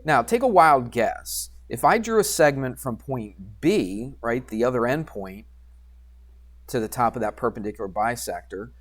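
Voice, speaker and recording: A man's voice: medium pitch, animated, moderate pace. A man teaching a geometry lesson to his class in a chatty, self-deprecating way, often asking the students questions. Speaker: math teacher. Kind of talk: classroom lecture at a computer.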